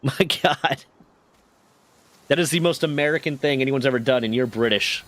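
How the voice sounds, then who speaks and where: A man hosting a casual stream, chatting with a co-host and reading chat aloud, joking and rambling with quick asides. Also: medium pitch, fairly bright tone.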